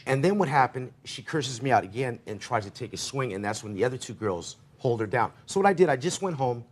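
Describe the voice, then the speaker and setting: A man's voice: mid-range voice, expressive. A man telling his side of a dispute in a televised courtroom, rambling through his account with quoted back-and-forth. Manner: rambling, rapid retelling with quoted dialogue. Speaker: defendant.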